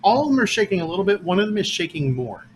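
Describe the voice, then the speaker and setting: A man's voice: high-pitched, sing-song, rapid-fire, slight background noise, poor audio. A man running a tabletop game at a dinner table, describing scenes and settling rules matter-of-factly. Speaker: game master.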